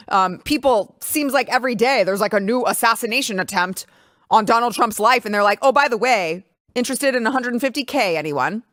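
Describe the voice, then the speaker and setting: A woman's voice: mid-range voice, a bit bright, dry recording, studio quality. A woman hosting a political talk show, talking casually with emphatic, sarcastic remarks. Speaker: host.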